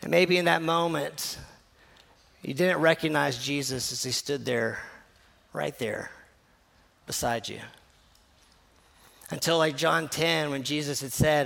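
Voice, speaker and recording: A man's voice: mid-range voice, takes it slowly, vocal fry, long pauses. A man preaching a sermon as a pastor, retelling a scripture passage in an earnest, conversational way. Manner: conversational, earnest storytelling, drops to a soft hush at key moments.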